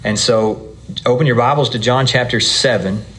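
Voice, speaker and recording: A man's voice: medium pitch, steady tone, moderate pace, a bit bright, slight background noise. Man teaching a Bible lesson. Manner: conversational, explaining with asides and fillers. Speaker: preacher.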